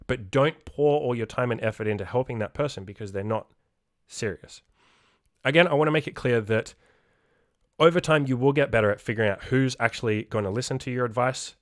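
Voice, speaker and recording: A man's voice: mid-range voice, brisk, no room sound, clean studio sound. Blunt, profane male podcast coach. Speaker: self-improvement coach. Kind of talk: podcast monologue.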